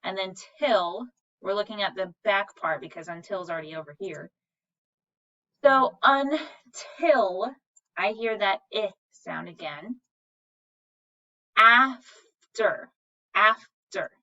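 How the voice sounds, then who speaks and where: A woman teaches a reading lesson at a slow, careful pace, sounding out each word syllable by syllable. Her voice is bright and clear. The recording is a little dull and distant from the mic. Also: medium pitch. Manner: patient, sounds out words syllable by syllable.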